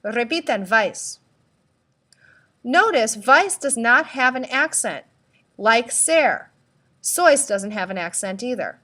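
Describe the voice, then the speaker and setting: A woman teacher giving a recorded tutorial, speaking slowly and deliberately, spelling out letters and asking listeners to repeat. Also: fairly high pitch, animated, pushed and bright. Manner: slow, deliberate, spells out letters and prompts repetition. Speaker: Spanish teacher.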